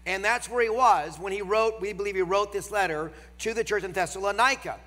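A man with a nasal voice and a Northern American accent, preaching a sermon with emphasis, slowing down for key phrases. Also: high-pitched, bright, forceful tone. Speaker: guest preacher. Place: large church auditorium. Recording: long hall reverb.

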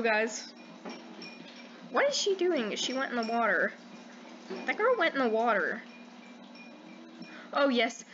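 A young woman giving casual gameplay commentary as a channel host, excitable, squealing when panicked and full of "like" fillers. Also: fairly high pitch, muffled recording, a little hiss or hum.

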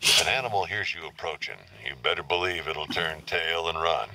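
A man's voice: low-pitched, a little fast, pushed and bright, slight background noise, exaggerated voice, poor audio. An actor playing a male hunting guide in a video game, folksy and instructive. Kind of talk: game dialogue.

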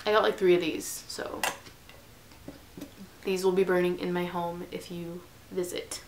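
A woman's voice: on the low side, level tone, unhurried, long pauses, darkish tone, slight background noise. A woman gushing through a casual haul vlog from her bedroom, bubbly and chatty, sometimes dropping to a whisper. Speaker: haul vlogger.

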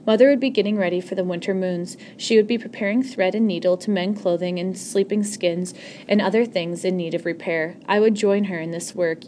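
A woman's voice: lowish voice, darkish tone, slight background noise. Woman reading a novel aloud, self-correcting. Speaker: audiobook reader.

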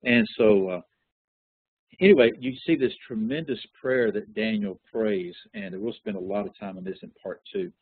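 Husky-voiced man teaching over a phone line. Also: lowish voice, moderate pace, dry recording. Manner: relaxed, conversational teaching with frequent fillers. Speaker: Bible study teacher. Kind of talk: interactive Bible lesson.

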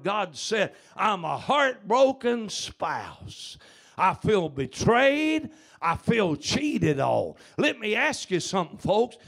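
Gravelly preacher man. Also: fairly high pitch, fairly bright tone. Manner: preacher's cadence, drops to near whispers and rises for emphasis. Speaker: pastor. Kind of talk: sermon. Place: church sanctuary.

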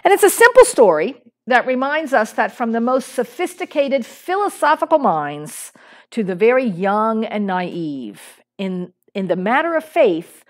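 A woman's voice: big pitch swings, a little slow. A middle-aged woman pastor giving a sermon in a conversational way, with fillers and restarts. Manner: acts out a small boy's lines in a higher voice when telling a story.

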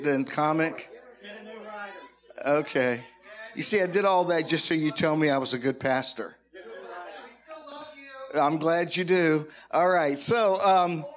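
Man pastor in church, casual and joking, voice a touch high. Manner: joking, conversational, addresses the congregation directly. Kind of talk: sermon.

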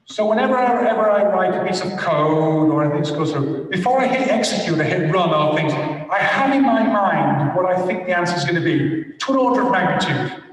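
A man's voice: high-pitched, animated, a little fast. An older man giving a guest lecture and answering questions, talking in an enthusiastic, rambling, anecdotal way. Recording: echoey hall from far off.

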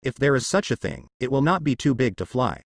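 A man voicing a cocky, scheming teenage boy ninja in a storybook narration, brash and excited. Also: mid-range voice, a little fast, creaky, no room sound, studio quality.

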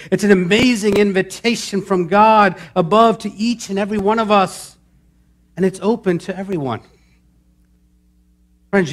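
A male pastor preaching a sermon, chatting with his congregation and building to emphatic calls. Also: on the high side. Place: church sanctuary.

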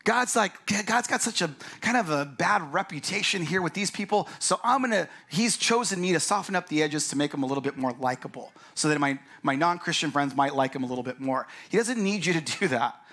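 A man's voice: fairly high pitch, expressive, brisk, hardly any pauses, pushed and bright. A male pastor giving a conversational sermon, acting out the voices of the people he quotes.

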